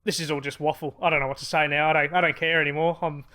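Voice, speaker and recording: A man's voice: fairly high pitch, level tone, racing, sharp tone. A man hosting a baseball management let's-play, talking in a rambling, casual way with many fillers and restarts, elated. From Australia.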